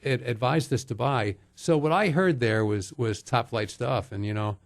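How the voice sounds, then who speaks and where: A man's voice: medium pitch, normal speed, gravelly. A middle-aged man, a voiceover actor, talking casually and jokingly as a guest on a chat show, with fillers and restarts.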